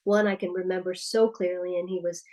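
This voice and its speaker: A woman's voice: lowish voice, steady tone, a little fast, darkish tone, poor audio. A woman presenting a parenting workshop, talking candidly and personally with frequent restarts. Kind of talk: conversational presentation.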